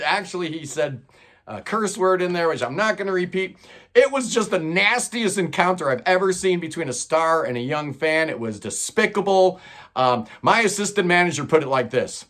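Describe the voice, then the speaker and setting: A middle-aged man telling stories in a chatty, animated way, often saying "man". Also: high-pitched, fairly quick. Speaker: channel host telling celebrity stories. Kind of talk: casual storytelling monologue.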